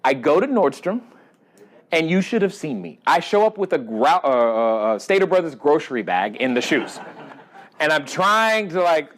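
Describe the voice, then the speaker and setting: Male seminar host, high and very lively pitch, playful storyteller quizzing a live crowd. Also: normal speed. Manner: animated storyteller, quizzes the audience, acts out dialogue. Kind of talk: live seminar talk with audience interaction. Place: event room with a live audience.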